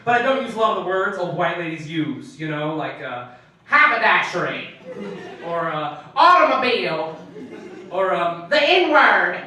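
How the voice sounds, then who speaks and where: A young adult man doing a stand-up comedy set on a club stage, animated and building to mock-outraged shouts. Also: on the high side, moderate pace, crowd noise. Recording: echoey club from far off.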